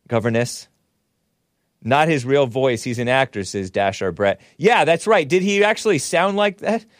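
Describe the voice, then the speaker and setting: A man's voice: medium pitch, dry recording. Sarcastic male talk show host, dry sound. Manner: sarcastic, mocking, chuckling. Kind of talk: casual commentary reading chat comments.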